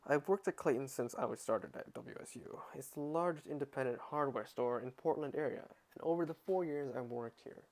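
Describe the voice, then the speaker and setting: A man's voice: medium pitch, a little fast, hardly any pauses, darkish tone. Sarcastic man reading a novel aloud. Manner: sarcastic, interrupts reading with exasperated comments; stumbles and restarts words while reading. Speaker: reader of a parody audiobook. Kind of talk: mock audiobook reading with asides. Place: at home.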